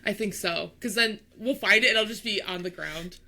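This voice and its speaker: A young woman co-hosting a podcast, telling a story in casual chat, animated and acting out the people in it. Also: medium pitch, moderate pace, vocal fry. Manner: animated storyteller, acts out voices, laughs. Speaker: podcast co-host.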